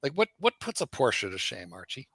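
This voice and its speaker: Bright, animated man teasing on livestream. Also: mid-range voice, normal speed, husky, dry recording. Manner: teasing, laughs often, lively banter. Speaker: livestream co-host. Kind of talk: casual livestream chat.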